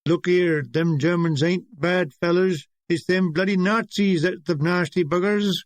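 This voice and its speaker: A slow, plodding young soldier drawls in a broad Cornish accent, as an older man puts him on. He sounds defensive and unhurried, and the read is close and dry with no room around it. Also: sits high, steady tone, no room sound. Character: slow-talking young soldier with Teutonic roots.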